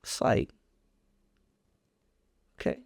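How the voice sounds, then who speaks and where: A man telling a personal story on a podcast, animated and emphatic in a casual, colloquial way. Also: extremely slow, dry recording, studio quality. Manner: animated, emphatic storyteller with a wide pitch swing; casual and colloquial, reflective when making his point.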